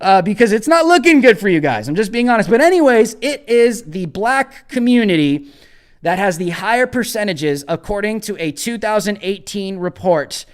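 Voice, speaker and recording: A man's voice: high-pitched, sing-song, normal speed, clear, resonant tone. A man hosting a live commentary show, talking in an emphatic, blunt and combative way and repeating phrases for emphasis. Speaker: host.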